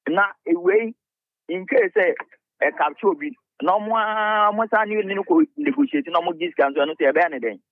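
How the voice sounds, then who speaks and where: A man's voice: high voice, very animated, normal speed, vocal fry, no echo. A man calling in to a radio show, arguing a political point with rhetorical questions. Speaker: caller. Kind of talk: political phone-in call. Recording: tinny phone line.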